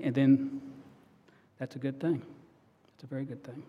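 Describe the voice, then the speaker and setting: A middle-aged married man preaching a sermon, telling stories earnestly and swinging between loud and soft. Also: mid-range voice, steady tone, moderate pace, pauses often, slightly rough, in a large hall, dull audio. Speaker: pastor.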